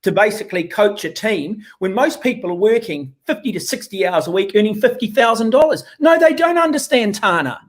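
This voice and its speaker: A man's voice: high-pitched, lively intonation, fairly quick, hardly any pauses. A man, a rugby pundit ranting sarcastically and bluntly on a talk radio show.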